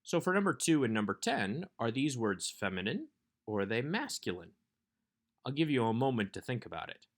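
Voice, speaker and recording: A man giving a recorded workbook lesson as a Hebrew instructor, explaining grammar in a measured way. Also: medium pitch, big pitch swings.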